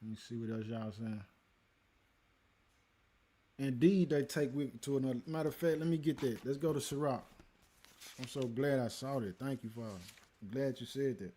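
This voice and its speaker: Casual man streaming a scripture talk, easygoing, talks straight to his chat at an ordinary pitch. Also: normal speed, long pauses, warm tone. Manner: laid-back, talks to the chat, calls listeners man and y'all. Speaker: livestream host teaching scripture.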